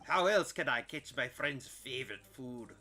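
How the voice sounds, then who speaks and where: A man voicing a bold circus woman who speaks broken English, loud and emphatic. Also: medium pitch, expressive, normal speed, faint music behind. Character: bold Russian circus woman, doting snake owner.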